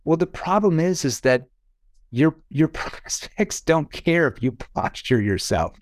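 This sales trainer has a higher voice with big pitch swings and a measured pace, recorded clean in a studio with no room sound. On his sales coaching podcast he explains his phrasing, acts out phone calls with prospects, and asks rhetorical questions.

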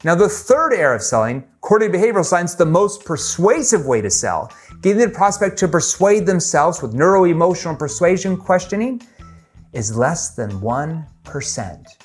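A middle-aged man leads a sales training lesson, his voice swinging widely in pitch as he stresses key points. He speaks emphatically and breaks into acted sample questions. Faint music plays behind him. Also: sing-song, moderate pace, husky.

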